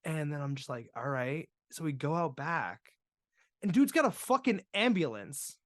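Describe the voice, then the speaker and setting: A man hosting a podcast, telling a wild story in casual, profane chat that swings between loud and quiet. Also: on the high side, big pitch swings, normal speed, no room sound, clean studio sound. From Boston area. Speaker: podcast host.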